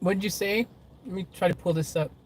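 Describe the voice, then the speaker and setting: High-voiced man chatting from his car. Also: quick pace, slight background noise. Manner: chatty, laughs often, talks to viewers. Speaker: vlogger livestreaming from his car. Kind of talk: casual livestream chat. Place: inside a car.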